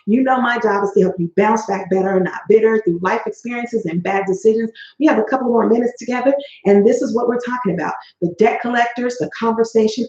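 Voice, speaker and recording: A woman hosting a motivational coaching video, speaking emphatically and in a folksy way that addresses listeners as honey and baby. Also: mid-range voice. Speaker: host and life coach. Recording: roomy, dull lo-fi sound.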